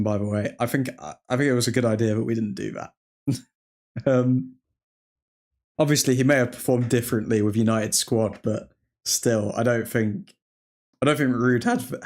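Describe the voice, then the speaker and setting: A man hosting a live football watchalong, chatting casually and rambling with frequent laughs and mock French phrases. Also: mid-range voice. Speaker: watchalong stream host. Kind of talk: casual live-stream chat.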